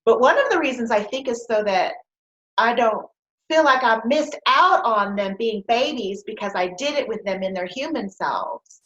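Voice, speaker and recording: A woman hosting a podcast in casual chat, animated and laughing often. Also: a little high, moderate pace, reverberant, dull audio. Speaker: podcast host.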